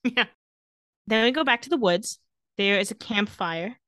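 Woman podcast host, kinda high voice, dry close mic, chatty recap. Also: moderate pace, a bit bright, dry recording. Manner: recaps scenes, acts out quotes with jokes. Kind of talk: casual recap chat.

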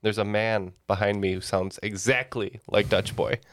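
A man co-hosting a comedy podcast, telling stories with wry, deadpan humor. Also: fairly low pitch, normal speed, no room sound. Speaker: podcast co-host. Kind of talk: casual comedy chat. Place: podcast studio.

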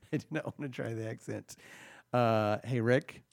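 A man hosting a comedy podcast, talking casually with a dry, halting delivery. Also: medium pitch, gravelly, no echo. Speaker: podcast host. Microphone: studio mic.

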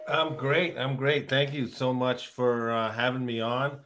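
Easygoing guy on a podcast call, friendly, lots of uhs, mid pitch. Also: measured pace. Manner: relaxed, friendly, uses fillers. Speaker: podcast guest. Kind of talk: casual conversation. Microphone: remote call.

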